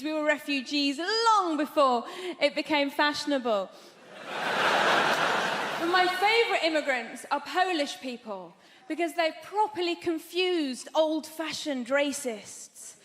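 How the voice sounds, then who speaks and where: A woman's voice: high voice, lively intonation, a little slow, fairly bright tone. A woman doing a stand-up routine on a theatre stage, telling dry, wry stories. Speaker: stand-up comedian. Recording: echoey theatre, audience noise.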